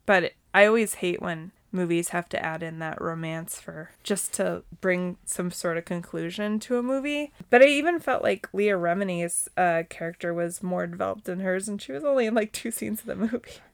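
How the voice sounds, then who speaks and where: A woman's voice: fairly low pitch, normal speed, gravelly, few pauses, clear, resonant tone. A woman in her thirties co-hosting a podcast, chatting casually with lots of fillers. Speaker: podcast co-host. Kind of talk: casual chat.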